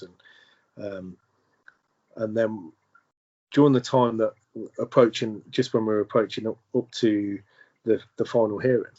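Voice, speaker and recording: Husky, muffled man telling his story. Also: lowish voice, a little mellow. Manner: halting, with many restarts and repeated words. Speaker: podcast guest. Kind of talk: conversational storytelling.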